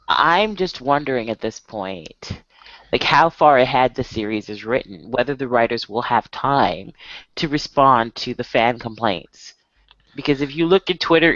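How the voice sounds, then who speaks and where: A woman's voice: extremely low pitch, no echo. A woman co-hosting a podcast in casual chat, blunt and exasperated, swearing freely. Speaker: podcast co-host. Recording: muffled dry podcast audio.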